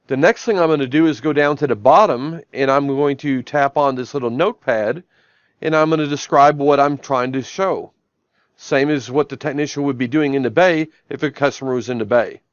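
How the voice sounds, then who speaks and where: A man's voice: mid-range voice, a little fast, smooth, no echo, muffled recording. A man training viewers on a shop tablet app in a live stream, talking through each action step by step from his office. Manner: step-by-step, repeats "I'm gonna" before each action. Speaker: software trainer. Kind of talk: live-stream product demo.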